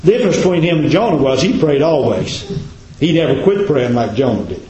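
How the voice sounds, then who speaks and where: A man preaching a sermon as a pastor, repeating his points and dropping to a low, hushed voice for emphasis. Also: animated, a little fast. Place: church. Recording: echoey, dull church recording.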